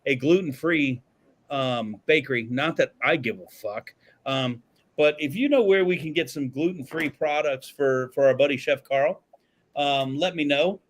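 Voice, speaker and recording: A man co-hosting a podcast in casual chat, joking and excitable, swearing freely. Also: on the high side, measured pace. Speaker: podcast co-host. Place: podcast studio.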